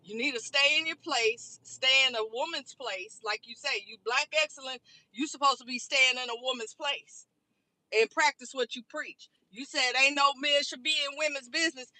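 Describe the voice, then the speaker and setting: Woman vlogger, high pitch, bright tone, blunt and profane rant. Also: normal speed, no echo. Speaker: online commentary creator. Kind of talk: angry rant vlog.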